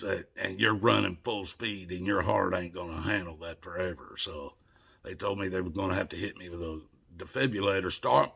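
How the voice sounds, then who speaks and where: A man's voice: low voice, vocal fry, sharp tone, slightly rough. A man telling a personal story in a rambling, conversational way, with many restarts. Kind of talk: casual storytelling to camera.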